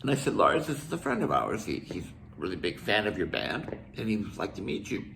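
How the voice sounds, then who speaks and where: Gravelly older man telling a rambling story. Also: lowish voice, big pitch swings, fairly quick, background noise. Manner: rambling, with restarts and asides. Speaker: musician telling a tour story. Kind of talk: casual storytelling.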